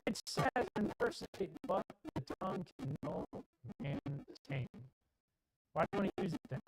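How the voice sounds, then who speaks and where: A man's voice: high voice, sing-song, measured pace, gravelly, music in the background, rough recording. A man preaching a sermon in a church, with an emphatic, repetitive cadence. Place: church sanctuary.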